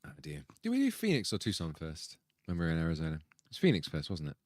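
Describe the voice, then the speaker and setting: A man's voice: deep voice, quick pace, no room sound, studio quality. A man hosting a band's livestream, reading out viewers' messages in a casual, upbeat way. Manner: lively, upbeat, reads names in bursts. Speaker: band member hosting a livestream.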